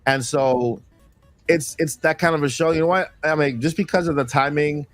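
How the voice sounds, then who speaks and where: A man's voice: a little high, no room sound. A man hosting a casual group stream, circling back and repeating words as he talks. His voice is close and dry, with faint music in the background. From Florida. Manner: rambling, repeats words, halting restarts. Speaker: stream host.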